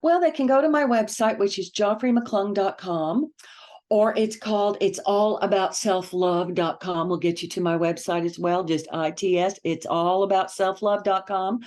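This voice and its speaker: A woman's voice: medium pitch, normal speed, a little mellow. A woman guest on a casual podcast interview, laughing often and repeating her words for emphasis. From United States. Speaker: author and guest.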